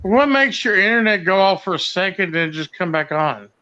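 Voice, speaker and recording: Halting high-voiced man on a lo-fi call. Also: animated, bright, forceful tone, smooth. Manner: halting, many fillers and restarts. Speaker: live stream guest. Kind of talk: casual chat.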